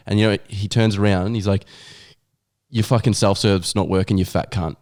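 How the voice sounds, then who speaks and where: Young aussie bloke host, quick talker, lower voice, swears a lot, casual chat. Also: male voice, steady tone, darkish tone. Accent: Australian. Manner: rapid, blunt, swears freely. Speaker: podcast host.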